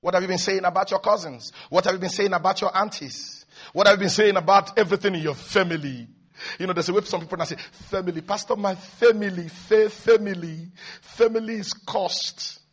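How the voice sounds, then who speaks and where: Fervent preacher, high voice. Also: male voice, fairly even intonation, brisk, slightly rough. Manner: fervent, repetitive, rising to shouts. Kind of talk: sermon.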